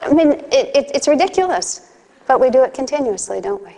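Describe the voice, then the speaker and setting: Over a noisy background, a woman speaks fairly quickly in a high, animated voice. The recording has long hall reverb, and her relaxed spiritual talk mixes teaching, personal stories, and playful acted asides.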